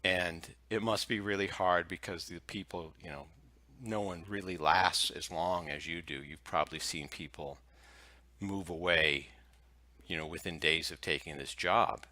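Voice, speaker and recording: Deep male hypnotist guest, forceful tone, dry close sound, loose anecdotal delivery. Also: a little slow, no echo. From United States. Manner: relaxed anecdotal telling, chuckles often. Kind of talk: casual interview storytelling.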